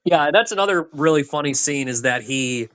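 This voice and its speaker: Young male podcast co-host with a slightly high voice and dry close sound, lively scene-by-scene retelling with voiced quotes. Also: normal speed, clear, resonant tone, no room sound. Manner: animated retelling of scenes, acting out the characters' lines. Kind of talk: casual chat.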